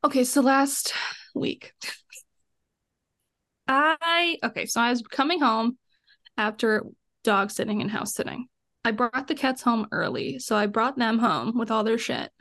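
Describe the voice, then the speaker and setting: On a podcast, a young adult woman with a high voice tells a story in lively, casual chat, swearing freely and acting out both sides of the exchange herself. She speaks a little slowly, pausing often, recorded dry and close to the mic.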